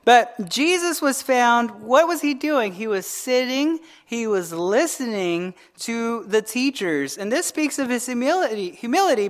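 A woman with a slightly higher voice teaches a midweek Bible study. She talks conversationally, checks in with "right?" and often restarts her phrases as she goes through scripture.

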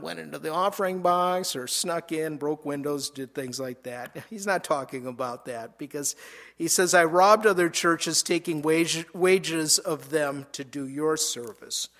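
A man's voice: high-pitched, fairly bright tone. A man preaching a sermon, reading scripture verses aloud and explaining them, with frequent small repetitions. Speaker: pastor.

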